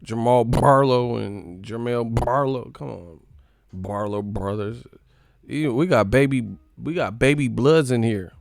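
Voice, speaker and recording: Man, live-stream host, gravelly, mid pitch, dry close sound, profane joking chat. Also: unhurried, few pauses, no echo. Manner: profane, joking, mocking chat in silly high voices. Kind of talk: casual live-stream chat reading comments.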